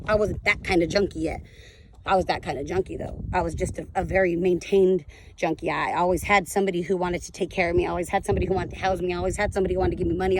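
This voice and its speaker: A woman's voice: medium pitch, noisy background. A woman in her thirties candidly telling her addiction and recovery story in a raw, blunt, emotional way, swearing freely. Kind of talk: candid testimonial vlog.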